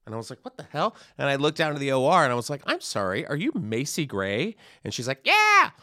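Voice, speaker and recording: A man co-hosting a comedy podcast, telling animated comic stories and acting out quotes. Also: mid-range voice, quick pace, no room sound, clean studio sound. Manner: animated, acts out quotes in jumpy voices. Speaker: podcast co-host. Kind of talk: casual chat, comic storytelling.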